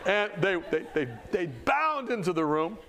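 A male preacher tells a sermon story in a high, lively voice that swoops up and down. He acts out the dialogue as he goes. The delivery is energetic and expressive throughout. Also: measured pace.

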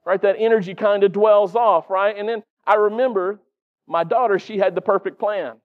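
High-voiced middle-aged preacher. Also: male voice, fairly even intonation, normal speed, phone-quality sound. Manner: conversational, quizzing the congregation. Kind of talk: sermon.

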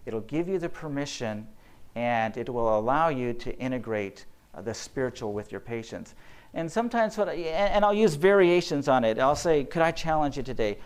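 Lively earnest man telling stories. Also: medium pitch, moderate pace, clean tone. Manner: earnest storyteller, acts out quotes. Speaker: physician speaking to health workers. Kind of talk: faith-based lecture with stories.

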